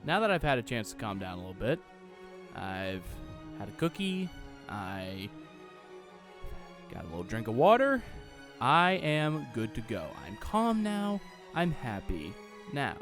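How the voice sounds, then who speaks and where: Over music, a young movie reviewer from Austin, Texas delivers a sarcastic, exasperated solo rant, swearing freely and mocking dialogue in silly voices. His mid-range voice swoops wildly in pitch, unhurried and full of pauses.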